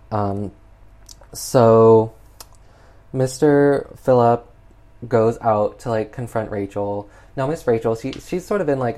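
Casual movie recap voice, rambling, fed up with the plot, mid-pitched, lots of likes and ums. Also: dark tone. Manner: chatty, exasperated, heavy use of "like". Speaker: film reviewer.

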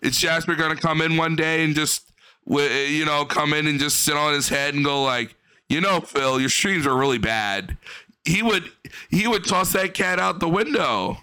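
A young adult man giving profane reaction commentary on a stream, mocking and animated. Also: fairly high pitch, normal speed, smooth, no echo.

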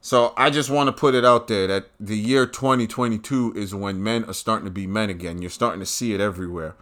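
A man's voice: lowish voice, a little fast, fairly bright tone. Blunt, profane man ranting solo. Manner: scornful, with emphatic jabs on key words. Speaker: podcast host. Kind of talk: solo rant monologue.

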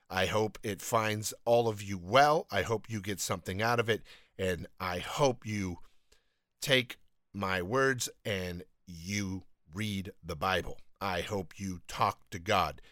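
A man's voice: fairly low pitch, pushed and bright, no room sound, studio quality. A man hosting his own faith podcast, talking in an earnest, rambling, self-deprecating way. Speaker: podcast host. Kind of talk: casual faith podcast talk.

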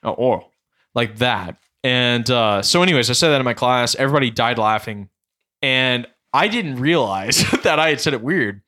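Young southern guy telling a funny story, lots of laughing, bright tone. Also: medium pitch, moderate pace. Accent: Southern American. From Southern United States. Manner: animated storyteller, laughs often. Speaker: podcast guest. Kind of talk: casual chat.

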